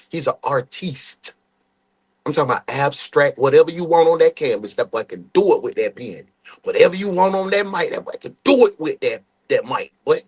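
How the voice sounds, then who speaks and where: Animated young man hyping a live stream. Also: high-pitched. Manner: animated, hypes and shouts out chat viewers by name. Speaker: host of a live true crime reaction stream. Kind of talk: casual live-stream chat greeting viewers.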